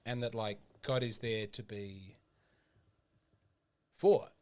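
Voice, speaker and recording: A man's voice: fairly low pitch, fairly even intonation, takes it slowly, a little mellow, smooth. A man co-hosting a podcast in casual chat. He speaks reflectively and often trails off mid-sentence. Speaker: podcast co-host.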